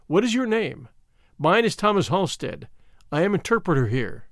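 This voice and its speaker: A man voicing a young English male interpreter who speaks in a brisk, matter-of-fact way. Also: high-pitched, very animated, no echo, clean studio sound.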